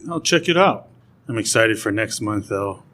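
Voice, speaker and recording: A man's voice: on the low side, animated, normal speed, sharp tone. A man co-hosting a podcast, mostly chiming in with short casual reactions. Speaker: podcast co-host. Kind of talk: casual chat.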